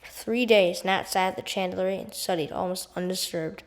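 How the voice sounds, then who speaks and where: Woman reading a storybook aloud, steady and careful. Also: on the low side, normal speed. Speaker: audiobook reader. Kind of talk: read-aloud storybook narration.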